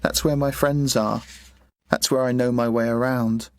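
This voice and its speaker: A woman's voice: a bass voice, fairly even intonation, a little slow, a little mellow, dry recording, voice pushed down. A woman voicing a sullen, sarcastic sixteen-year-old boy in a storybook reading. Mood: sulky.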